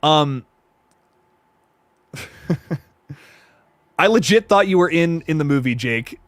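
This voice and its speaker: Excitable young man chatting on a livestream. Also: on the high side, slow, no echo. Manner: excitable, profane, reads chat comments aloud. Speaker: horror movie reviewer on livestream. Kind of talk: casual livestream chat.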